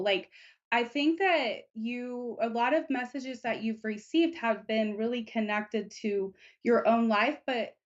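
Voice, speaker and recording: A woman giving a live psychic reading, speaking in a gentle, unhurried, reassuring way. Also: fairly high pitch, dull audio. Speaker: psychic reader.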